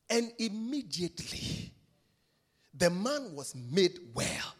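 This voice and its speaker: A man preaching a sermon with emphatic repetition, swinging from loud shouts down to hushed whispers. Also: very high-pitched, huge pitch swings, a little slow, slightly rough, long reverb tail.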